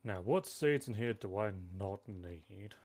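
Low-voiced man, dry matter-of-fact gamer. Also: expressive, unhurried, darkish tone. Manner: dry, matter-of-fact, lists items aloud. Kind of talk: casual gaming chat over voice call.

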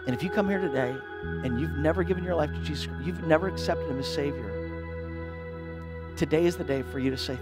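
A man's voice: a little high, fairly quick, music in the background. A man preaching a sermon in church as pastor, earnest and building to impassioned appeals.

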